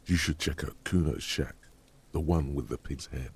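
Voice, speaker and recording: An actor voicing a grim, deadpan inner narrator in a video game, gravelly and dry. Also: male voice, rumbling low, normal speed, exaggerated voice.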